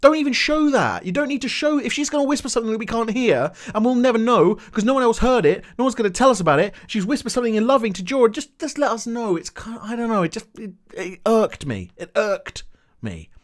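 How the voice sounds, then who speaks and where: An exasperated TV reviewer tears into a show with a sarcastic, swear-laden rant. The voice sits in the middle register but leaps high in outbursts, then drops to low grumbling mutters. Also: expressive, fast talker. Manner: swings between loud outbursts and muttering. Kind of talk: ranting recap commentary.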